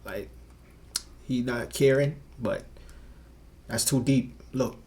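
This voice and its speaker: A man hosting a reaction video, talking in profane street slang with animated outbursts. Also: mid-range voice, slow pace. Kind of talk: casual commentary over a clip.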